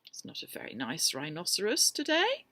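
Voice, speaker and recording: A woman reading a picture book aloud to children, gentle and expressive. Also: on the low side, normal speed, noisy background. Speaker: storyteller.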